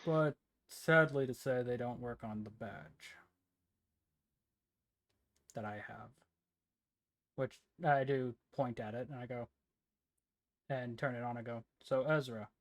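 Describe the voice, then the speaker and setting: A man's voice: medium pitch, steady tone, slow, long pauses, a bit bright. Laid-back man playing a tabletop game. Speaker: player. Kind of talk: casual tabletop role-play.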